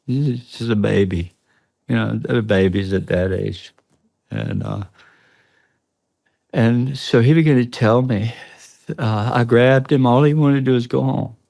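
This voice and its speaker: A man's voice: medium pitch, measured pace, creaky, pauses often, dark tone, dry recording. A man, a guest on an interview show, earnestly recounting a tense personal experience, often breaking off and restarting. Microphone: studio podcast mic.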